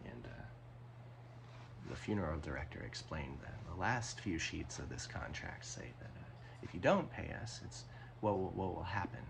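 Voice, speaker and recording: A man chatting casually between songs as the host of his own weekly music show, soft-spoken and rambling, with lots of "um" and "uh". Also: low voice, animated, moderate pace, gravelly, noisy background. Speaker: singer-songwriter hosting a weekly music show. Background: acoustic guitar.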